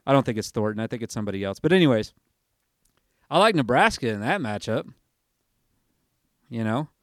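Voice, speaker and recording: A man chats on a casual sports podcast in a hyper, rambling way, breaking off to look things up as he talks. His voice is smooth and resonant. It is recorded close and dry, with no room sound. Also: medium pitch, lively intonation, a little fast, dry recording. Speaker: podcast host.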